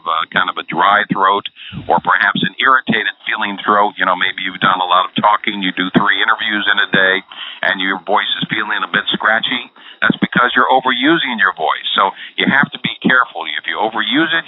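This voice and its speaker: A man's voice: fairly low pitch, dry recording. A man working as a voice coach, explaining vocal care and breathing in an interview. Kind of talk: instructional interview. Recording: phone-like dry line.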